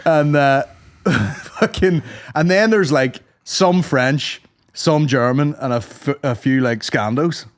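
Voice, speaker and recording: A man's voice: fairly high pitch, slow, dry recording. A man co-hosting a podcast, telling rambling, sweary comic stories and acting out voices. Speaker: podcast co-host. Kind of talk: casual comedic storytelling.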